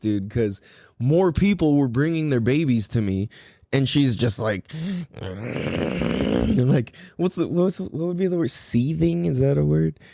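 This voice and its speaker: Man, 30s, podcast host. Lively, swinging delivery, slightly raised pitch, dry close sound. Casual and profane. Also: gravelly, no echo. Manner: animated, profane, laughs often. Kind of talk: casual storytelling.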